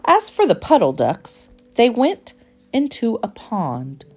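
A woman reading a children's storybook aloud in a gentle, expressive, measured way. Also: a little high, husky, faint music behind.

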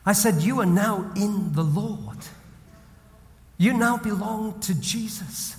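A man preaching as a senior pastor, moving between hushed, tender storytelling and loud, rising exhortation. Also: sits high, animated, slow, in a large hall. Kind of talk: sermon.

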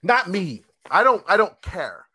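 A bright, sharp-voiced man rants through a casual podcast chat, swearing and hammering his points. His pitch leaps around freely, and the sound is close and dry with no room around it. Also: a little slow, breathy edge, no room sound. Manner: animated, profane, emphatic ranting.

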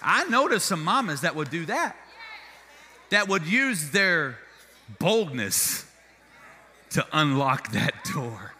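A man's voice: on the high side, slow, long pauses, long reverb tail, some chatter behind, a little hiss or hum. A male pastor preaching a sermon, telling stories with humor and energy. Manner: animated storytelling with humor.

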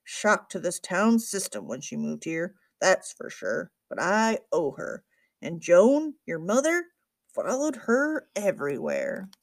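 A woman voicing a grumpy older male librarian who speaks slowly and curtly. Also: lowish voice, wildly swooping pitch, no echo, full character voice. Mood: grumbling. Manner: gruff, slow and curt.

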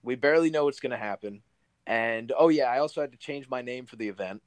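A young man of middle pitch tells a story in a casual interview. He rambles, stacks up likes and you-knows, and sounds close and dry. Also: fast talker, clean tone, dry recording. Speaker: guest pro wrestler.

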